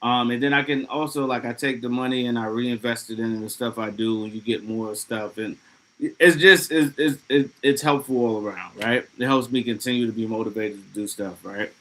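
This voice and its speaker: Profane, excitable man chatting on a livestream. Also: mid-range voice, moderate pace, poor audio. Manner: loose, profane, excitable, reads chat aloud. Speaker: livestream host. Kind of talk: casual livestream chat.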